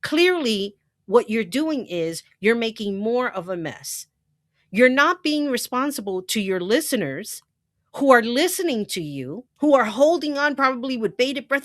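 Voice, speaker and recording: A woman gives blunt, indignant political commentary with plenty of profanity. Her voice swings widely in pitch and sits dry and close to the mic, and she talks like a channel host reacting to a clip. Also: big pitch swings, unhurried, no echo.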